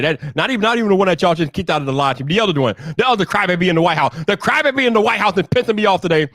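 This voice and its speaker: Male livestream host, high and bright, blunt slangy talker, dry close sound. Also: no room sound. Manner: blunt and repetitive, with slang and frequent restarts. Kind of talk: casual livestream chat.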